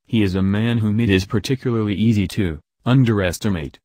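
A man voicing a suave, sly count who speaks softly and insinuatingly. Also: lowish voice, fairly quick, no echo, clean studio sound, natural voice.

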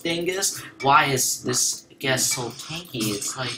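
Excitable young man narrating his gameplay. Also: medium pitch, takes it slowly, hardly any pauses, roomy sound, a little hiss or hum. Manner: excitable, jokey, repeats phrases. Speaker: gameplay commentator. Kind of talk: casual gameplay commentary.

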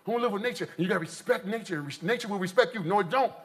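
Man, from the US, stand-up comedian, animated storyteller, very high voice, live audience. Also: rapid-fire. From United States. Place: stage before a live audience. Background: faint audience laughter.

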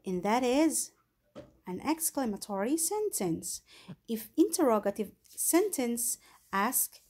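A woman with a Filipino accent leads an English grammar lesson for young children. She speaks slowly and patiently in a somewhat high voice. She repeats each point and reads the example sentences aloud with clear emphasis. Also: very animated, a little mellow. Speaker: ESL grammar teacher. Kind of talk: slow, deliberate online lesson for young learners.

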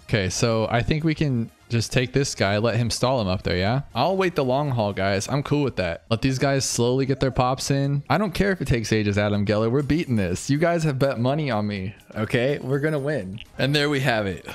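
Excitable dude streaming games, talks to chat, voice shoots way up when stuff goes wrong, faint music behind. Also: male voice, normal speed. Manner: excitable, talks to chat, jumps to high yelps when tense. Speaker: gaming streamer. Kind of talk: live gameplay commentary.

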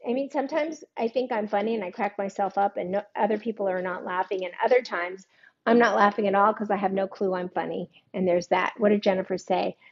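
A woman's voice: medium pitch, fairly even intonation, fairly quick, lo-fi sound. An older woman hosting a live-streamed cooking demo, chatting casually, joking at her own expense and greeting viewers by name. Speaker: cooking show host.

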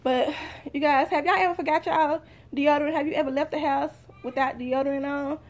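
A woman's voice: high voice, fairly even intonation, brisk. A young woman, chatting straight to her viewers in a casual haul vlog. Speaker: vlogger.

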